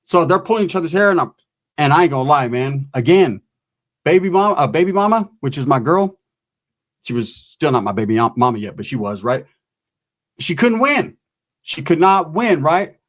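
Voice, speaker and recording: Brief: male stand-up comic, raunchy rambling storyteller, slightly raised pitch. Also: very animated, normal speed, fairly bright tone. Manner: crude, rambling, tags lines with "right?"; acts out voices of people in the story. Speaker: stand-up comedian.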